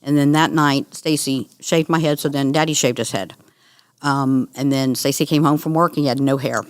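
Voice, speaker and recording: A middle-aged woman, a guest on an interview, telling her story in an earnest, animated way. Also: rumbling low, moderate pace, dry recording, studio quality. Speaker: guest, cancer survivor. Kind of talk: conversational interview.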